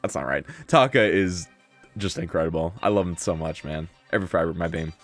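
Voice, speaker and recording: A man's voice: low voice, fairly even intonation, fast talker. A young man streaming a visual novel, chatting playfully in slang and reading the game's text aloud. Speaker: game streamer. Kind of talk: casual let's-play chat, reading game text aloud. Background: faint game music.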